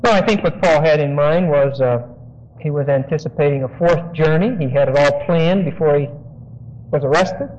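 High-voiced man teaching from Scripture. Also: moderate pace, a little mellow. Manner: explanatory, dictates phrases for notes. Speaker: preacher. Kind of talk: expository Bible teaching. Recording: dull lo-fi sermon recording.

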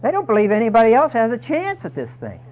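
A man's voice: very high-pitched, huge pitch swings, fast talker, narrow, tinny audio. A man preaching a sermon, emphatic and dramatic, voicing the people he quotes.

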